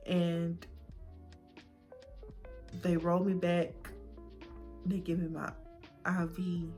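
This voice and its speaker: A young woman vlogger telling her own story in a casual, animated way, acting out what people said. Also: on the low side, slow pace, long pauses, soft background music. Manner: casual and animated, acts out voices in quotes. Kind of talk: emotional personal storytelling.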